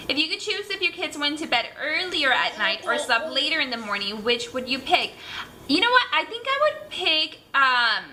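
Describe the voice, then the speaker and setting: A woman's voice: high-pitched, pushed and bright, a little hiss or hum. A young woman, a mom, reading out tag questions at home and answering them in a chatty, candid way with many fillers. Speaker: mom vlogger. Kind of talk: casual tag video, reading questions aloud. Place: home room.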